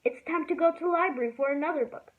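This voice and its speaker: A woman's voice: sits high, fast talker, slight background noise, pitched above the performer's own voice, lightly acted. A woman voicing a responsible, easily exasperated older sister in a storybook reading, with a pleading, aggrieved delivery. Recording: tinny phone-like sound.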